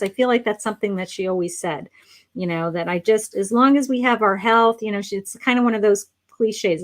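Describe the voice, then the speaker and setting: A middle-aged woman hosting a live psychic reading, speaking softly with many fillers and restarts, affectionate and a little hoarse as she says she is losing her voice. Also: mid-range voice, normal speed. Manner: soft-spoken, meandering, with many fillers and restarts; affectionate, calls viewers honey and sweetheart. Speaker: psychic medium livestream host.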